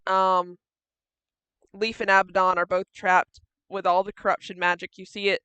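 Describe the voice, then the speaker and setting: A woman game master narrates a tabletop game in a casual, profane manner and bosses her players about. Her voice is bright and strikingly clear, recorded dry and close. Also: mid-range voice, no room sound. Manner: casual, swears freely, bossy with players.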